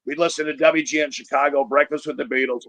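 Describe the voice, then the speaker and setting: A man's voice: a little high, quick pace, no echo. A man telling a profane, punchy stand-up story over a video call. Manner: profane, punchy, animated delivery. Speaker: comedian.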